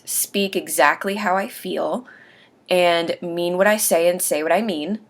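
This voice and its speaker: Woman with a lowish voice, earnest and reflective, casual how-to talk. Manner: earnest, reflective, pauses between phrases. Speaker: host sharing denture aftercare advice.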